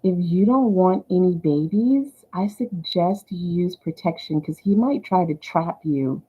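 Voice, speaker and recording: A woman with a Southern US accent giving a casual tarot reading, chatty and giggly, softly thanking the angels. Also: fairly low pitch, animated, a little slow, breathy edge. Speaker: tarot reader. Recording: tinny phone-like sound.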